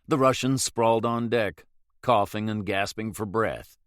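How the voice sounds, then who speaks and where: A man with a fairly low voice narrates an audiobook in a steady, measured reading. It's scripted narration recorded at studio quality with no room sound.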